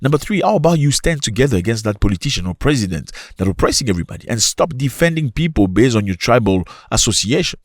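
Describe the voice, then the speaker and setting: A man's voice: medium pitch, very animated, fast, hardly any pauses, no room sound, clean studio sound. A man from Africa giving impassioned opinion commentary, firing off rhetorical questions to his viewers.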